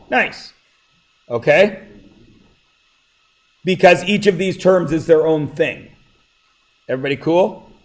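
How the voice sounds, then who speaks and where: A man teaching a high school math class in a classroom, relaxed and jokey, often checking that his students are following. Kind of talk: classroom lecture. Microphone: plugged-in classroom mic.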